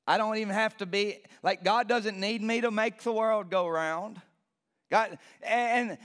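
High-voiced preacher guy, slow and deliberate, gets fired up repeating stuff in church. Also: fairly bright tone. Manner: passionate, repetitive preaching with rising emphasis. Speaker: pastor. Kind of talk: sermon. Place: church sanctuary.

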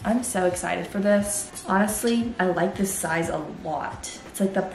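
A woman's voice: mid-range voice, normal speed, echoey room, very noisy. Bubbly young woman vlogging at home. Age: 20s. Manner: bubbly, gushing, giggly. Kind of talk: casual vlog chat. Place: home, indoors.

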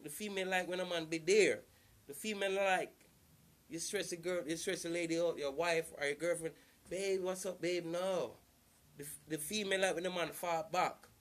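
Man, vlog monologue, earnest, repeats himself, slightly raised pitch. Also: steady tone, normal speed. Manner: repetitive, loose and earnest, circling back to the same points. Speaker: vlogger giving relationship advice. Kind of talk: casual advice monologue.

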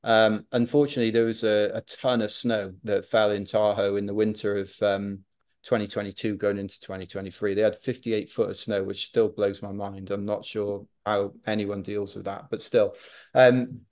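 A Welsh man speaks in a low, relaxed register. He tells his story with chatty, animated energy as a guest in a casual interview. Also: normal speed. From Wales. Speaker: podcast guest, ultrarunner.

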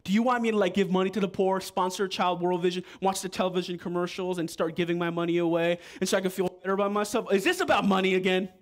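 A man preaching a sermon as pastor, animated and joking with the congregation. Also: sits high, fast talker, hardly any pauses. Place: church.

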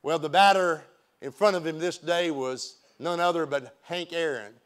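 A man's voice: on the high side, moderate pace. A man, a pastor preaching an emphatic sermon in a church and often repeating his words. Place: church sanctuary.

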